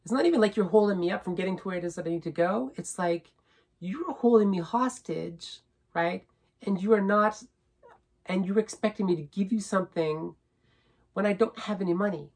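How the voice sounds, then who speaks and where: Speaking at normal speed in a medium-pitched voice that's a little mellow and slightly rough, this vlogger shares a personal story. She rambles and repeats herself, often adding "right?", and gets more indignant as she stresses her points.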